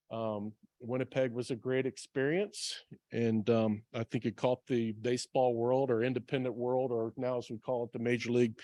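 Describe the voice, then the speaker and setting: A man's voice: mid-range voice, darkish tone, no echo. Earnest middle-aged man giving a talk. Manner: earnest and plain-spoken, with filler ums. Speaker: baseball manager speaking at a club meeting. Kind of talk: personal speech to a club audience.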